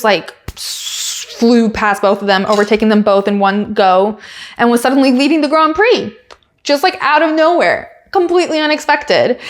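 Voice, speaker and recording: A woman hosting a podcast in casual chat, rambling with lots of "like" fillers. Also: a little high. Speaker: podcast host.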